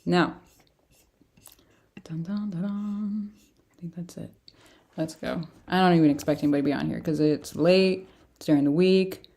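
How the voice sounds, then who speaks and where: A woman with a somewhat low voice talks through a casual livestream tarot reading. She sounds tired and chats in a loose, rambling way, often breaking into laughs. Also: fairly even intonation, a little fast, creaky, warm tone. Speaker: tarot reader.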